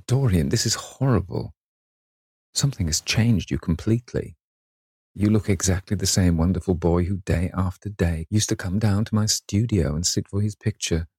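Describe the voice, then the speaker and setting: A man's voice: moderate pace, dark tone, no room sound, studio quality. A man reading as a pained older painter. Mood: pleading. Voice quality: low gravelly husky voice. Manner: strained, pleading, reproachful.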